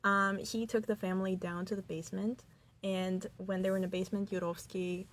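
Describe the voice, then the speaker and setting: A woman's voice: mid-range voice, flat delivery, brisk, a little hiss or hum. A young woman co-hosting a student radio podcast, chatting casually with lots of fillers and giggles. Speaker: podcast co-host.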